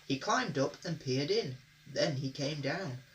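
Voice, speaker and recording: A man reading children's railway stories aloud in steady, clear narration. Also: on the high side, unhurried, slight background noise, poor audio. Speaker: reader. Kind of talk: storybook reading.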